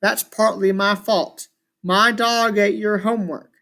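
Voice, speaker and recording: A man's voice: sits high, fairly even intonation, measured pace, gravelly, bright, forceful tone, exaggerated voice. A man reading aloud as an ancient, scornful male chaos god living in a shulker shell, grumbling and grandiose.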